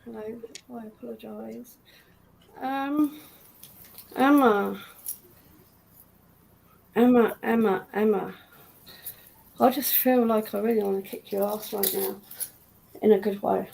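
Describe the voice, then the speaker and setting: A woman's voice: a little high, level tone, normal speed, gravelly, warm tone, husky, low-quality recording. A woman giving a live intuitive reading, blunt and emphatic, repeating words. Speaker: reader.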